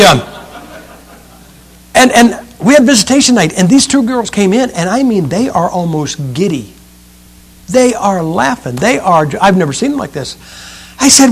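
A man preaching a sermon in an animated, joking way, firing off rhetorical questions to his listeners. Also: high-pitched, brisk, slightly rough.

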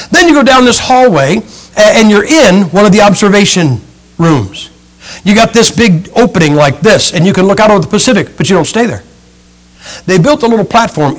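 Animated high-voiced male preacher. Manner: animated storyteller acting out scenes with sound effects. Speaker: pastor. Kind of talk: sermon illustration, storytelling. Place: church, speaking from a pulpit.

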